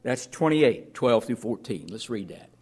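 A man's voice: mid-range voice, expressive, a little slow, a little mellow, breathy edge. A man pastor preaching a sermon in an earnest way, reading scripture aloud and often repeating words as he restarts.

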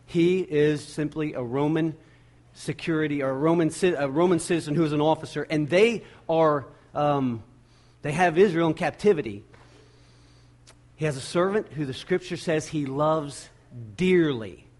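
Pastor guy preaching, kinda high voice, storytelling style with big pauses and repeats. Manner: animated storytelling with dramatic pauses and repeated words. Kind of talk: sermon.

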